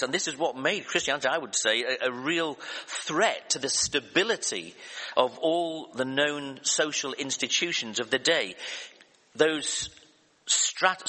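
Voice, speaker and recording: Guy preaching, very bright voice, lots of uhs, echoey church hall. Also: fairly high pitch. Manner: hesitant, self-deprecating, many fillers and restarts. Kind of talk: sermon.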